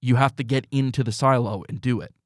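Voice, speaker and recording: A man co-hosting a podcast in casual chat, ranting and swinging between loud yelling and low mutters. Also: fairly even intonation, fast talker, no room sound, clean studio sound. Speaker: podcast co-host. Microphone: podcast mic.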